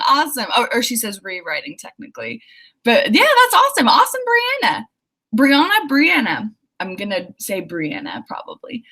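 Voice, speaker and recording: A woman's voice: fairly high pitch, huge pitch swings, normal speed, creaky, pushed and bright. A young woman with an Oklahoma accent, hosting a writing livestream and chatting through viewer comments in a bubbly, chatty way. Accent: Oklahoma, Southern US. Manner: bubbly, chatty, lots of fillers and laughs. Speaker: livestream host. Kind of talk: casual livestream chat reading comments.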